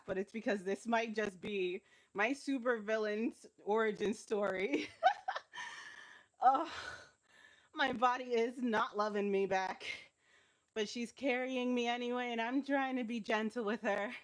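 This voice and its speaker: Woman instructor talking slow on a live workout stream, cramping, keeps laughing it off and cheering folks on. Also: medium pitch. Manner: encouraging, laughs often through discomfort. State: cramping and unwell while exercising.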